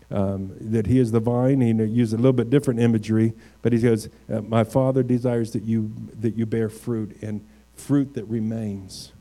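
A man's voice: medium pitch, dark tone. A male pastor preaching a sermon, reading scripture and building to emphatic, raised points. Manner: reads scripture slowly, then builds to emphatic, raised crescendos.

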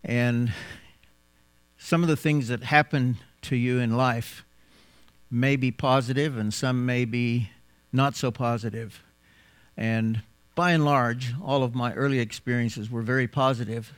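A man with an American accent, raised in South Africa, giving a folksy, unhurried mission talk to a church congregation with frequent pauses. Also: mid-range voice, steady tone, clear, resonant tone, dry recording. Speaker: missionary guest speaker.

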